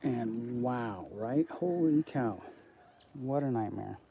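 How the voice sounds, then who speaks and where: A man's voice: mid-range voice, animated, takes it slowly, vocal fry, warm tone, highs cut off, slight background noise. A man talking on a live stream in a rambling, profane monologue that jumps from topic to topic.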